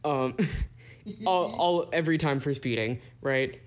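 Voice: mid-range voice, slow. A podcast co-host in their twenties, telling stories in casual chat, full of fillers and swearing. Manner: storytelling, lots of fillers and swearing.

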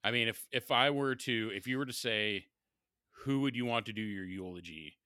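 A man co-hosting a casual chat, animated and quick to laugh as he quotes favorite lines. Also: lowish voice, clean tone, no echo, studio quality. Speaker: podcast co-host.

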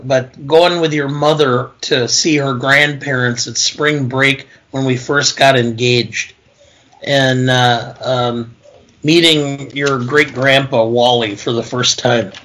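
A man's voice: medium pitch, fairly even intonation, slow, fairly bright tone, rough recording. An older man from Wisconsin, co-hosting a casual film podcast and telling folksy anecdotes, often saying "you know.". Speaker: podcast co-host.

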